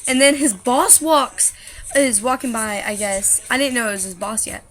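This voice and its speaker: A woman vlogger with a fairly high voice tells a story straight to camera. She is chatty and quick, with laughing asides. Faint music plays underneath. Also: a bit bright.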